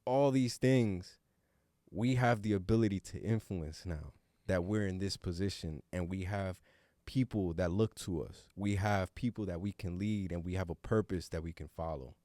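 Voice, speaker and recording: His voice is deep and dark, delivered at normal speed in a dry recording with clean studio sound. He's an adult with a young son co-hosting a casual podcast roundtable, earnest and reflective, occasionally swearing in a casual way.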